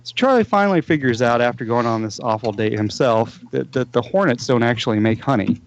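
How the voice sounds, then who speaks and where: A man's voice: mid-range voice, animated, a little fast, muffled recording, a little hiss or hum. A man on a casual podcast, rambling through plot retellings with lots of fillers and restarts. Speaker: podcast co-host. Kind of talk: casual movie podcast chat.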